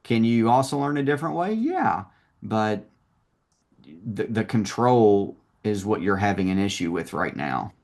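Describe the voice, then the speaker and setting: A man's voice: fairly low pitch, sing-song, unhurried, gravelly, darkish tone. A man coaching a salesperson one-on-one, talking in a confident, direct way.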